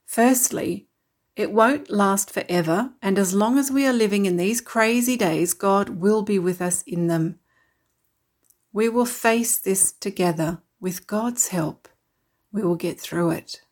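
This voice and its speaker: A woman voicing a tired but caring mother in a storybook reading, speaking gently and reassuringly. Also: medium pitch, unhurried, natural voice.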